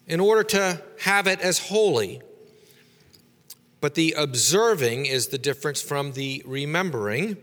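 A man's voice: on the high side, expressive, a little slow, fairly bright tone, in a large hall. A man teaching a lecture on scripture, explaining step by step with fillers and rhetorical questions. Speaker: Bible teacher.

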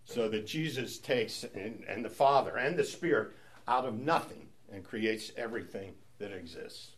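A man with a voice on the low side leads a Bible study at a moderate pace, with slight background noise. He explains scripture conversationally, often asking rhetorical questions and frequently tagging on "right?"

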